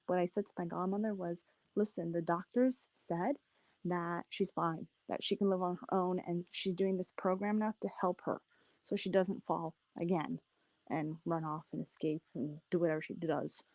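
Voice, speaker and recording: A woman's voice: on the low side, fairly even intonation, moderate pace, a little mellow, no room sound. Woman, 30s, faint Boston accent, rambling casual guest, dry sound. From Boston area, later Canada. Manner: chatty, lots of "like" fillers. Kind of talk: casual chat.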